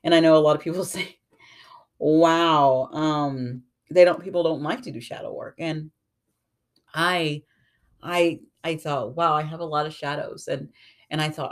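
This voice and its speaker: A podcast host and tarot reader talking through a personal journey in a casual solo monologue, earnest and reflective, sometimes a little raspy and mumbly when slowing down. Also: medium pitch. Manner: earnest, reflective, rambling storytelling.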